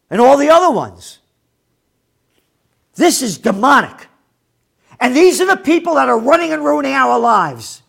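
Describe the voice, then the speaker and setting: Furious, profane man ranting with wild pitch swings. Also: big pitch swings, unhurried, gravelly, pauses often, a bit bright. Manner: angry, profane, sarcastic, mocking quoted people. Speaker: commentator. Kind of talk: ranting news commentary.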